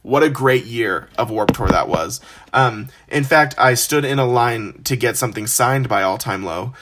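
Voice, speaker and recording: A man's voice: mid-range voice, normal speed, background noise. Young man telling a podcast story. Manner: animated, self-deprecating, acts out quoted voices. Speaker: podcast host. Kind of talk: casual storytelling.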